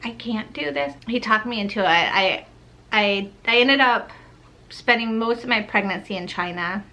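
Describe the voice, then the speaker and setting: A woman in her thirties shares personal stories with her viewers in a casual, heartfelt vlog. Her voice is bright and forward. She talks earnestly and loosely, filling her sentences with "like.". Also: mid-range voice. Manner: earnest, heartfelt, chatty with many "like"s. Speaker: faith vlogger. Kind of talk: personal storytelling to camera.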